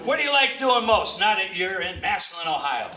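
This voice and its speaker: A man's voice: sits high, sing-song, a little fast, a crowd in the background. A man in his seventies, a ventriloquist comedian, playing the scolding straight man and telling folksy stories in a stand-up act. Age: 70s. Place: comedy club stage. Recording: echoey club, far from the mic, audience noise. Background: audience noise.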